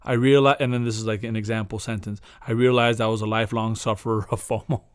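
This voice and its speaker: Fast and smooth, a fairly low, steady-toned male voice belongs to another podcast co-host in a rambling, profane casual chat where he laughs often. There's no room sound, just a clean studio recording.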